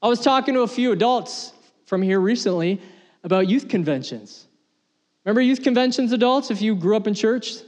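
A man's voice: high-pitched, expressive, a little fast, a little mellow. A man preaching a sermon as pastor, earnest and conversational, repeating phrases as he builds his points. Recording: long hall reverb.

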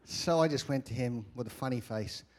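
A man with an Australian accent, a pastor preaching a lively, humorous sermon with frequent asides to the congregation. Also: mid-range voice, a little fast.

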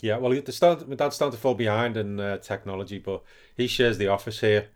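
A man's voice: fairly low pitch, fairly quick. A British man co-hosting a podcast in casual chat, rambling and correcting himself as he tells stories. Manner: rambling, self-correcting storyteller. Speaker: podcast co-host.

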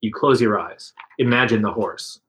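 As narrator of an interactive adventure story, a man reads aloud to friends in the second person and livens up the quoted parts. The voice is lowish, a bit bright, and moderately paced, on poor-quality audio.

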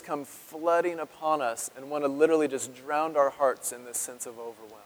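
A man preaching a sermon as pastor, earnest and emotional, with dramatic pauses and drops to a hush on key words. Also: a little high. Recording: long reverb of a large hall.

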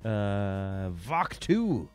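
A man's voice: on the low side, big pitch swings, extremely slow, clear, resonant tone, soft background music. A man hosting as game master, wrapping up the stream loosely with laughs and fillers. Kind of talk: casual wrap-up of a stream.

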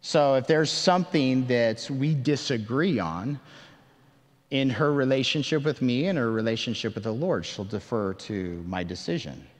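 Earnest pastor preaching in a reverberant hall. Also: male voice, medium pitch, expressive, normal speed. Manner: earnest, conversational, self-deprecating, rising emphatic questions. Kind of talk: sermon. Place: church sanctuary. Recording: long reverb of a large hall.

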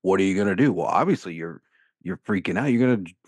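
A man on a podcast video call, laying out his theories in a relaxed, reasoning way. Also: sits low, fast, breathy edge, no room sound. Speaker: podcast panelist. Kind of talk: casual podcast chat over video call.

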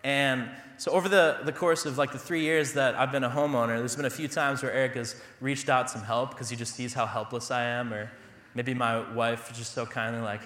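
Young pastor, bright tone, casual self-deprecating sermon delivery, roomy church echo. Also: male voice, medium pitch, fairly even intonation, fairly quick. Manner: conversational, self-deprecating humor. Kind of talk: sermon with personal stories. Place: church sanctuary.

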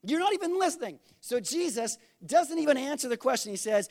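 A man's voice: very high-pitched, sing-song, a little fast, few pauses, darkish tone. A man preaching a conversational sermon, acting out little quoted exchanges and asking the congregation to respond. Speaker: pastor.

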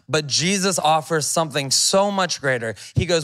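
Man preaching with a fairly high voice. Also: expressive, normal speed, few pauses, fairly bright tone. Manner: reads scripture aloud and comments in a conversational, emphatic way. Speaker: pastor. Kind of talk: sermon.

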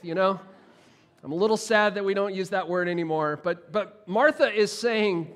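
Conversational pastor with a higher voice. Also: male voice, brisk, fairly bright tone. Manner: conversational, playful, with frequent restarts. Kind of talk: sermon.

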